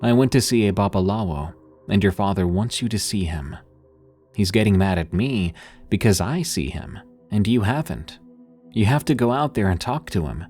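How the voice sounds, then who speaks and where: A man's voice: fairly low pitch, lively intonation, normal speed, a little mellow, soft background music. A man doing an anxious young woman. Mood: urgent. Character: young woman, worried restaurant worker.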